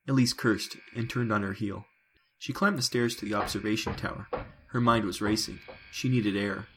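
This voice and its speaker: A man reading a science fiction audiobook in a measured, descriptive way. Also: on the low side, fairly even intonation, background noise. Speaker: narrator. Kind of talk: scripted sci-fi audiobook narration. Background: music.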